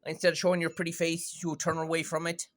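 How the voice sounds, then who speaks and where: A man's voice: fairly high pitch, completely flat delivery, quick pace, fairly bright tone. A man indoors doing playful baby talk to his dog, teasing in a sing-song way and repeating each phrase. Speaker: pet owner filming his dog. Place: inside a house.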